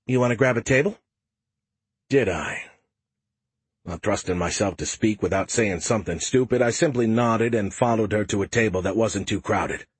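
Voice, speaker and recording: A man narrating a first-person audiobook in a steady, wry, matter-of-fact way. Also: on the low side, normal speed, slightly rough, dry recording.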